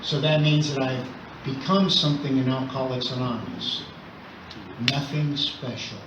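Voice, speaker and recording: A man's voice: medium pitch, fairly even intonation, normal speed. An older man sharing his recovery story at a meeting, talking in a conversational way with wry humor. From Southern California. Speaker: AA meeting speaker. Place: meeting hall. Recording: roomy, distant, muffled with noise.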